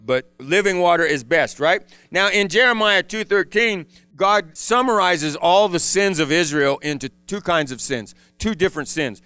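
A man teaching a Bible sermon in a lively way, often asking his listeners rhetorical questions. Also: sits high, normal speed, hardly any pauses, clear, resonant tone, no echo.

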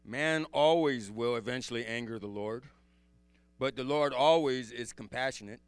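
A man teaching as a pastor in an animated sermon, swinging from loud exclamations to hushed low tones and asking his listeners rhetorical questions. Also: normal speed, clean tone, no echo. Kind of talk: expository sermon.

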